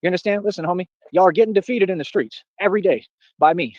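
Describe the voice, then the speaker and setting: Fast-talking boastful man ranting. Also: high-pitched, a little mellow, no room sound, lo-fi sound. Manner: boastful, confrontational, repeats "what are you talking about". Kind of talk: ranting livestream monologue.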